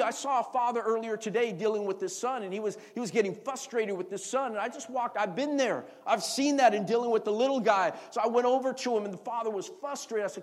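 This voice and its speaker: A man's voice: high voice, quick pace, hardly any pauses. A middle-aged man preaching a sermon as pastor, calling for responses and often repeating words as he tells stories. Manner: call-and-response, repeats words, animated storytelling.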